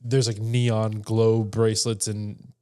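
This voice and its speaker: A man co-hosting a podcast in relaxed casual chat, filling his talk with "like" and "dude". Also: on the low side, slow pace, smooth. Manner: relaxed, chatty, says "dude" and "like" a lot. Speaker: podcast co-host.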